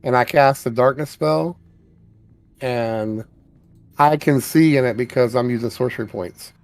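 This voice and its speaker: A man's voice: mid-range voice, unhurried, no echo. A man playing a tabletop game, chatting casually and reading spell rules aloud. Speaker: player.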